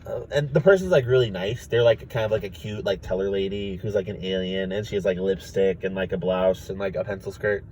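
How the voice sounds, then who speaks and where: A young man casually pitching a story idea, rambling with lots of fillers and restarts. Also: a little fast, few pauses, darkish tone, a little hiss or hum, rough recording. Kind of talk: casual chat.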